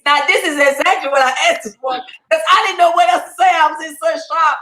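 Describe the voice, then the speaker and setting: A woman's voice: sits high, fast talker. A woman comedian, telling a story in a casual video chat and acting out the voices in it. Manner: animated, acts out the voices in her story. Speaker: guest comedian. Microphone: online video chat.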